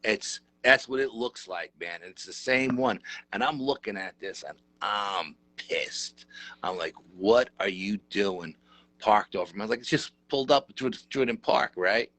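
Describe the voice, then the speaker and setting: A middle-aged man tells a story in an animated, rough-edged way. His voice sits very low but has a bright, forward edge. The recording is close and dry. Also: normal speed, no room sound. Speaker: interview guest, paranormal researcher. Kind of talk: casual storytelling.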